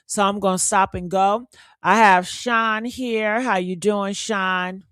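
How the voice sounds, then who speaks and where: A woman with a hoarse voice hosting a casual live stream, talking straight to her viewers. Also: mid-range voice, fairly even intonation, takes it slowly, fairly bright tone, no echo, studio quality. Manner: chatty, addresses viewers directly.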